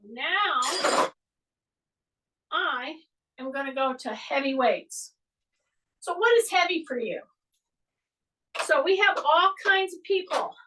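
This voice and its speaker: A woman's voice: high voice, fairly bright tone, recorded from a distance, a little hiss or hum, low-quality recording. A woman fitness instructor leading a guided workout class, giving repeated breathing and posture cues while she demonstrates the moves. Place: exercise class room.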